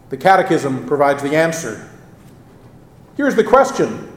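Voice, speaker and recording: A man with a notably high voice preaches from the pulpit, measured and expressive. He leans into the quoted passages, stretching them out for weight. The sound carries the roomy echo of a church sanctuary. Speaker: pastor. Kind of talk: sermon.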